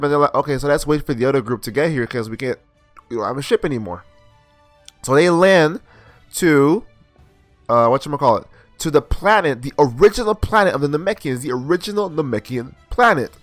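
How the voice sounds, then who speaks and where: A man's voice: mid-range voice, a bit bright, dry recording. A young man recapping and reviewing an anime episode in a casual, rambling way, full of slang and restarts.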